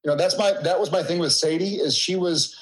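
Emotional man telling a halting story. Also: high-pitched, low-quality recording. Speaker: guest. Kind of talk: casual conversation.

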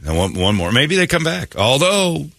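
A man with a slightly high voice and vocal fry talks at normal speed, with no room sound, while hosting morning radio. In casual chat he tells animated stories, acts out both parties in conversations, gives blunt opinions, and occasionally swears.

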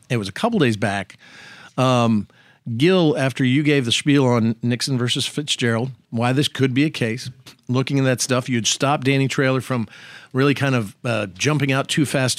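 A man's voice: medium pitch, moderate pace, no room sound, clean studio sound. A man, a former co-counsel and now senator, telling the story conversationally and finishing his partner's sentences. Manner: chimes in, finishes the other speaker's sentences.

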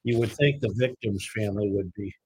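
A man's voice: lowish voice, steady tone, fairly quick, darkish tone, breathy edge, no echo, poor audio. A man hosting a talk radio show, reading news and this-day-in-history items in a casual, conversational way. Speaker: radio host.

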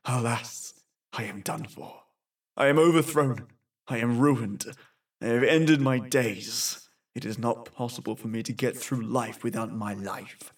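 A man's voice: medium pitch, unhurried, breathy edge, far from the mic. A man playing a grief-stricken young prince who wails a long, theatrical lament in a storybook. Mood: despairing.

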